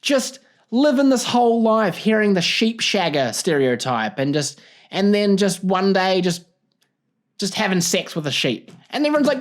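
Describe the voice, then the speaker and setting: New man, solo podcast host, goofy rambling, very animated pitch. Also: normal speed. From New Zealand. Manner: goofy, rambling, laughs at his own jokes. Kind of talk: casual solo podcast monologue.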